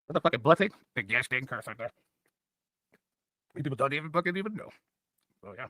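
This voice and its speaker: A man's voice: mid-range voice, animated, quick pace, sharp tone. A man streaming, rambling loosely and profanely while a bit drunk. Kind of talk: rambling casual stream chat.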